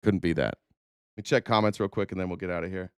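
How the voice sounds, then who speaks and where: A man hosting a political livestream, full of sarcasm and swearing as he rants and reads out viewer comments. His voice is smooth and resonant, a little worn, with a dry, close sound and no room echo. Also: low voice, steady tone, racing. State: voice a bit worn. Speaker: livestream host. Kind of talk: casual political livestream rant.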